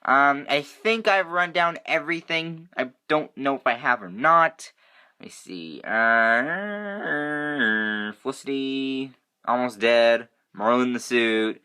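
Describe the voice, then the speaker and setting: Bright-voiced excitable young man reviewing TV. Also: mid-range voice, a little slow, few pauses, clean tone. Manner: excitable, rambling, many fillers like "you know" and "like". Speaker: TV review vlogger. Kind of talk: casual TV episode review.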